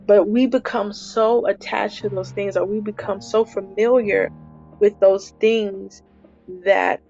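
A woman's voice: mid-range voice, steady tone, takes it slowly, vocal fry, darkish tone. A woman hosting a devotional podcast, speaking earnestly and repeating her phrases for emphasis. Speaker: podcast host. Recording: dull lo-fi recording, faint music.

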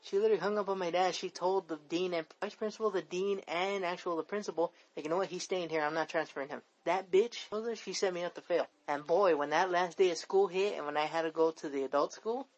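This is a young man from talking at a rapid clip on a casual podcast. He rambles, circles back on his own words and swears freely as he vents. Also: high-pitched, steady tone, muffled recording. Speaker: podcast co-host. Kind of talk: casual chat.

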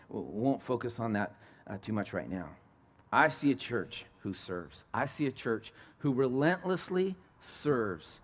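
A middle-aged man from California preaching a sermon as a pastor, telling stories and asking the congregation questions. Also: mid-range voice.

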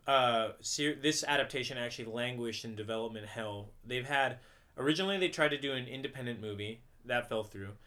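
A man's voice: medium pitch, brisk, bright, forceful tone. A man co-hosting a podcast, chatting casually and rambling with lots of "like", tired after a late party. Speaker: podcast co-host. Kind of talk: casual chat.

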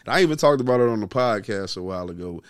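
A man's voice: on the low side, lively intonation, very fast, clear, resonant tone, no echo, studio quality. A man in his thirties co-hosting a podcast, telling a story in casual chat, full of slang and repeating "you know what I'm saying". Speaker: podcast co-host.

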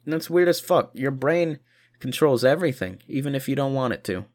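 A man's voice: mid-range voice, animated, brisk, darkish tone. A tired man rambling profanely through a casual video monologue, short on sleep. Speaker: vlogger.

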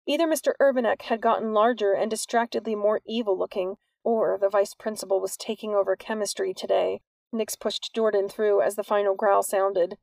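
Woman audiobook narrator, steady storytelling, gravelly voice, dry close recording. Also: mid-range voice, normal speed, no room sound. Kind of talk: scripted narration.

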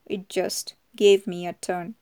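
A woman's voice: on the low side, flat delivery, slow pace, a little mellow, clear, resonant tone. A woman voicing a shaken, breathless housekeeper in a storybook reading.

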